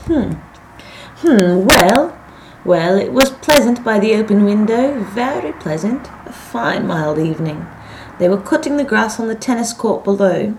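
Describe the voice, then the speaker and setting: Woman reader as a tired, mumbling old father; mid pitch, faint noise. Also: lively intonation, a little slow. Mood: drowsy.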